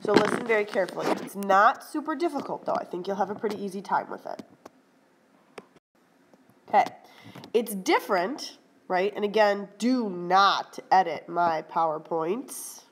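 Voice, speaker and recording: A woman teaching Spanish grammar in a brisk, firm lecture, often checking in with "right?" and "okay?". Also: mid-range voice, a little hiss or hum, rough recording. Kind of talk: classroom lecture over slides.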